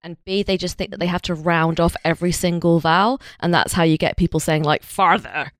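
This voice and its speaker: Low-pitched woman, dry sound. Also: steady tone, fast talker, dry recording. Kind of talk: casual chat.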